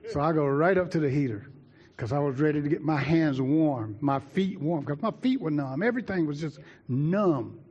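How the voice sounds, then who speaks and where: A man preaching, telling a childhood story with lively asides to the congregation. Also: on the high side, normal speed, husky, dull audio. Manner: lively, talks to the congregation directly. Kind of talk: sermon storytelling.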